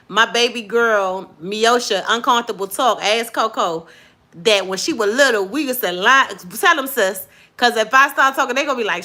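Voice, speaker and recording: Bright-voiced preachy woman host. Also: a little high, normal speed. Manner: lively, preachy, praising God between chatter. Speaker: live-stream host. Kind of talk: casual chat with viewers and callers.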